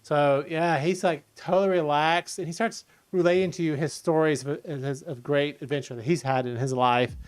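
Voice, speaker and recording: A man narrating as game master of a fantasy tabletop game, relaxed and often laughing. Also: a little high, normal speed, few pauses, clear, resonant tone.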